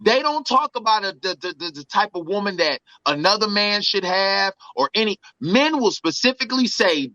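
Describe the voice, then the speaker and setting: A man with a high, bright voice, co-hosting a loose comedic podcast chat. His pitch swings widely as he mimics other people for laughs. The sound is dry and close. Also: big pitch swings, moderate pace, few pauses, no echo, highs cut off. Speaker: podcast co-host.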